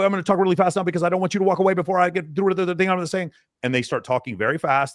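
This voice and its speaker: Fast-talking blunt man, dry close mic. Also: mid-range voice, no room sound. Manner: blunt, emphatic, animated. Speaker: dating coach. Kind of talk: panel discussion.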